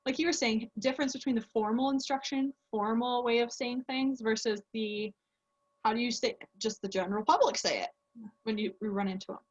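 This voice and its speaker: A woman's voice: a little high, steady tone, brisk, highs cut off. A woman language teacher chatting casually with a colleague and acting out bits of quoted speech. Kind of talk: casual professional discussion.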